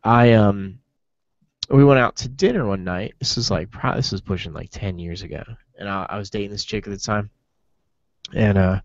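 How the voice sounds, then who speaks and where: A man's voice: on the low side, moderate pace, no echo. Male podcast host, joking storyteller, dry and dull lo-fi sound. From New Jersey. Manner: rambling storyteller, joking, lots of fillers. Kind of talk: casual chat.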